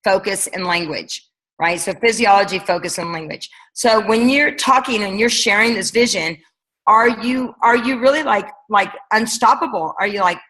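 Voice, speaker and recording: A woman's voice: medium pitch, normal speed, sharp tone, rough recording. A woman coaching her team on a leadership call, talking casually and energetically, firing off rhetorical questions. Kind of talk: motivational coaching talk.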